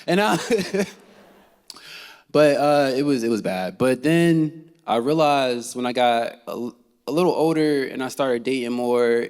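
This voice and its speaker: A man telling a funny personal story to a live audience, animated and laughing as he goes. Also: medium pitch. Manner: animated and comic, laughing as he tells it. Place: theater stage.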